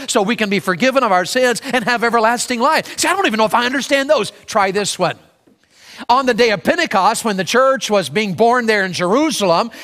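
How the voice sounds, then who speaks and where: A man's voice: sits high, pushed and bright, long reverb tail. A man preaching a sermon as pastor, emphatic, acting out prayers in a raised voice. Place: large church sanctuary.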